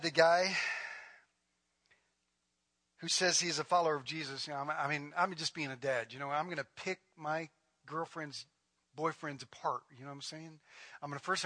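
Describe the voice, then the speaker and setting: A man's voice: on the high side, pushed and bright. A middle-aged male pastor preaching a sermon in a church, mixing joking asides with emphatic, rising preaching.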